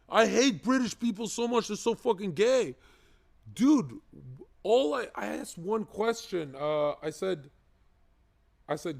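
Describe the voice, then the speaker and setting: Crude, excitable male streamer, dry sound. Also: sits high, unhurried, vocal fry, no room sound. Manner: excitable, crude, joking rants. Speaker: streamer reacting to clips. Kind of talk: casual profane live-stream commentary.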